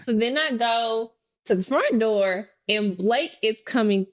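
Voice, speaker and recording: A woman's voice: on the high side, measured pace. A woman in her thirties co-hosting a podcast, telling a story casually and acting out the quotes. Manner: expressive, acts out quotes. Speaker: podcast co-host.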